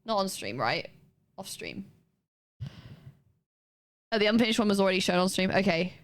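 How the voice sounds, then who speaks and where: A woman's voice: medium pitch, expressive, normal speed. A woman streamer chatting casually and laughing as she reacts to clips. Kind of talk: casual live-stream chat.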